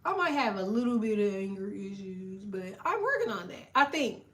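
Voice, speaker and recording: A woman's voice: mid-range voice, moderate pace. A woman tarot reader chatting on a live stream, cursing freely, laughing often and talking back to viewers in the chat. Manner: profane, animated, laughing, reads chat aloud.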